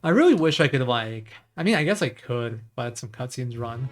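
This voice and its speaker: A man narrates his own speedrun live, in a relaxed and chatty way, thinking aloud as he plays. His voice sits at a middle pitch. Game music plays clearly underneath. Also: moderate pace. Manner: casual, chatty, thinking aloud while playing.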